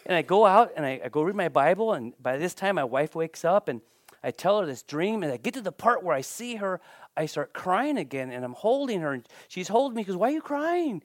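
A man preaching a sermon, telling a personal story in an animated, emphatic way. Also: high-pitched, brisk, no room sound, clean studio sound.

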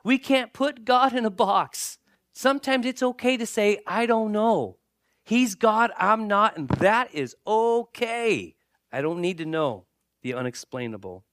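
A pastor delivering a sermon in a conversational way, with joking asides and repeated, restarted phrases. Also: male voice, high voice, expressive, measured pace, fairly bright tone, no room sound, clean studio sound.

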